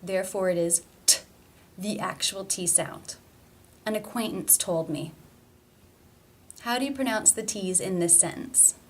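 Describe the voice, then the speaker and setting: Female pronunciation teacher, mid-pitched, deliberate and clear in her demonstrations. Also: slight background noise. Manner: slow, careful demonstration of sounds. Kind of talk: pronunciation lesson.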